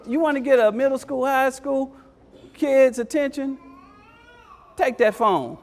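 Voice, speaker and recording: A man leading a parent workshop, talking with lively call-and-response energy and repeating his key phrases for emphasis. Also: very high-pitched, measured pace. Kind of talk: energetic motivational workshop talk.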